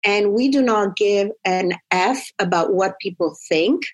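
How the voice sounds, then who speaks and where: In casual conversation, a woman with a medium-pitched voice talks animatedly at a measured pace. She tells stories and acts out the quotes within them.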